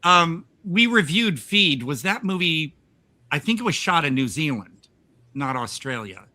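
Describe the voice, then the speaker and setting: Older american guy rambling on a podcast, really bright ringing voice, keeps cutting himself off and laughing. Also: a little high, sing-song, measured pace. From United States. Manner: rambling, self-interrupting, laughs often. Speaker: podcast host. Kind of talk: casual chat.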